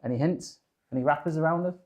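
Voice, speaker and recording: A British man with a slightly high, somewhat mellow voice hosts a live cooking stream from his kitchen, talking fast. Chatty and jokey, he pokes fun at himself as he reads out viewer comments.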